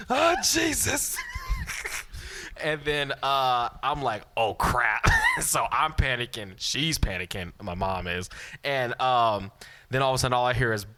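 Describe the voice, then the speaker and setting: A young man co-hosting a podcast, telling a funny story in an animated, laughing way. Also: medium pitch, normal speed. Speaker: podcast co-host. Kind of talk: casual storytelling chat.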